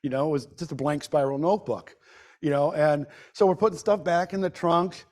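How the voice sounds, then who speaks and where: A middle-aged man speaking at a grief workshop, telling a personal story in a halting, emotional way with many restarts. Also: fairly high pitch, darkish tone. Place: medical center presentation room.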